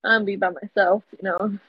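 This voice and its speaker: A young woman co-hosting a casual podcast, halting and giggly, often trailing off. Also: medium pitch, steady tone, breathy edge, dry recording. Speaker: podcast co-host. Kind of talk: casual chat. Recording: dull lo-fi home mic.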